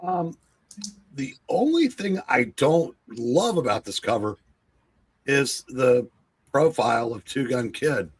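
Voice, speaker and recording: A man with a husky voice joins a casual chat as co-host. He gives his views hesitantly, with pauses and restarts. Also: medium pitch, lively intonation. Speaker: co-host and guest.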